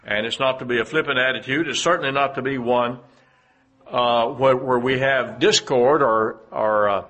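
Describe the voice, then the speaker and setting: A man delivering a sermon in a husky, bright voice. He speaks in a measured way, reads scripture aloud and pauses with the odd "uh". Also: medium pitch. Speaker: preacher.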